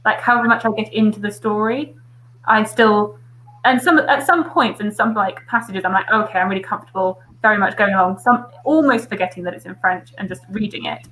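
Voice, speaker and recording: A woman's voice: medium pitch, normal speed, fairly bright tone, low-quality recording. A woman hosting a casual video call discussion, asking questions and reflecting on her own reading. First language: English.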